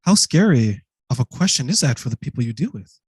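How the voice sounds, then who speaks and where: A man's voice: mid-range voice, big pitch swings, fairly quick, husky, no echo, poor audio. A male host asking questions in an interview, thoughtfully summing up and checking what he understood. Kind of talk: conversational interview.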